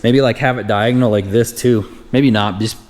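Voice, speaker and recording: A man's voice: lowish voice, steady tone, normal speed, a little mellow. A young man chatting casually and joking while he films his car project. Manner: laid-back, joking, slangy. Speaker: car vlogger. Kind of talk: casual chat.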